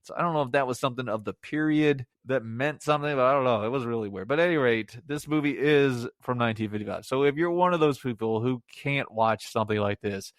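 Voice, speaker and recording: A man's voice: medium pitch, fast talker, few pauses, no echo, studio quality. A middle-aged man giving a casual solo movie review on a podcast, rambling and sarcastic, laughing at his own jokes.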